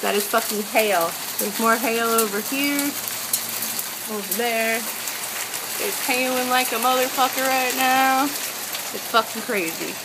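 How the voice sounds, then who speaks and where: A young woman filming a hailstorm on her phone, narrating casually and excitedly, with a lot of swearing and laughter. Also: a little high, slow pace. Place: home doorway, hail outside. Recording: loud hail noise behind. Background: hail and rain.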